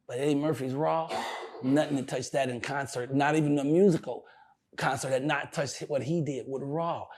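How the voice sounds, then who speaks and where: An older male comedian telling stories in a casual interview, profane and animated, often laughing. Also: medium pitch, moderate pace, a little hiss or hum.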